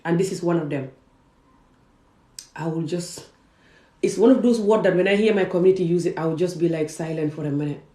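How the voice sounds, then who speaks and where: A woman's voice: fairly low pitch, a little fast, pauses often, mellow. Impassioned woman from West Africa. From Gambia and Senegal. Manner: emphatic, repeats words for stress. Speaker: vlogger. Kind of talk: impassioned personal monologue. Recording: roomy echo.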